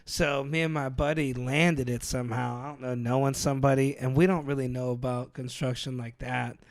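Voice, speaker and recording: A man's voice: mid-range voice, steady tone, brisk, no room sound, studio quality. A man co-hosting a podcast, telling a rambling, slangy story with laughs. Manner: rambling anecdotal, laughs often, slangy "dude". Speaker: podcast co-host. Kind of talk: casual storytelling chat.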